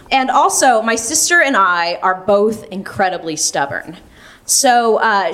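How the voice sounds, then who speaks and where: A young woman telling a personal story, wry and self-mocking, laughing through some lines. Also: medium pitch. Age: young adult.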